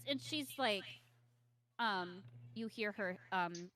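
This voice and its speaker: A woman narrating a tabletop game as game master, pausing often with filler sounds. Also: mid-range voice, fairly bright tone. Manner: hesitant, with many filler sounds.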